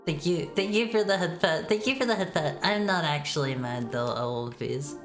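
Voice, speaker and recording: A woman's voice: lowish voice, lively intonation, a little fast, soft background music. A woman chatting casually while streaming a retro game, stammering and repeating words, reading text aloud. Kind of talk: casual gaming stream chat.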